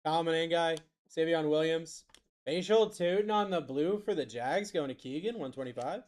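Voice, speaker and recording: A man's voice: on the high side, normal speed, a little mellow. A man hosting a live card break stream, reading out player names and answering chat. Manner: rattles off player names, reads chat aloud.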